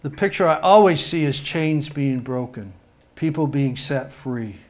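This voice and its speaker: A man's voice: medium pitch, animated. A man preaching a sermon, reading scripture aloud with rising emphasis and making asides to his congregation. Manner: pauses and restarts mid-sentence. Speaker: pastor.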